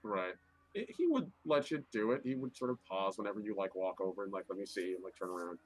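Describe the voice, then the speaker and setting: A man's voice: on the low side, expressive, quick pace, breathy edge, no echo, poor audio. A man playing a tabletop game, narrating his character's actions with many hesitations. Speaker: player.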